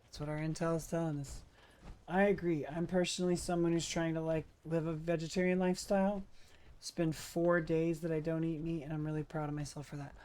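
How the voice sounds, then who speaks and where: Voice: mid-range voice, little pitch movement, a little fast, a little mellow. A streamer chatting casually while playing a video game, answering chat with lots of fillers.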